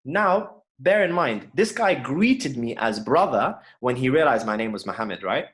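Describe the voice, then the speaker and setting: A young man on a video call, telling a personal story in an animated way and acting out the people in it. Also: mid-range voice, a little slow. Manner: animated storytelling, voicing people in his anecdotes. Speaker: guest panelist.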